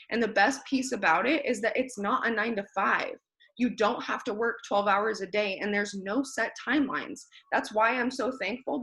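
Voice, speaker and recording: A woman's voice: medium pitch, pushed and bright. A young woman leading her team on a video call, giving a blunt, tired pep talk with some swearing. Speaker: team leader.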